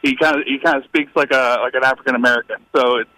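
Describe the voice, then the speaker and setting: A man's voice: medium pitch, fairly even intonation, rapid-fire, pushed and bright, no echo, poor audio. A man calling in to a radio show, stumbling and repeating words as he talks. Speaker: caller. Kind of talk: phone-in comment.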